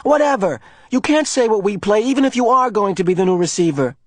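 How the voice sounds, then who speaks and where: A man reading aloud and voicing an irritated, boastful boy in a story, loud and indignant. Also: high-pitched, animated, a little fast, dry recording, pitched above the performer's own voice. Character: irritated boastful boy playing war games.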